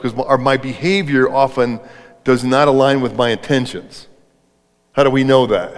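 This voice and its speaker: A middle-aged man speaking on leadership at a live event, talking conversationally and putting questions to the audience. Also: medium pitch. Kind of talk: interactive live talk to an audience. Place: event hall before an audience. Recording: reverberant hall.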